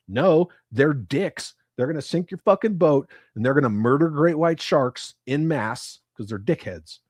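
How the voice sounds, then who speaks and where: A man's voice: fairly high pitch, sing-song, moderate pace, hardly any pauses, a little mellow, no room sound, studio quality. A man hosting a casual livestream, reading chat comments aloud with crude, profane banter.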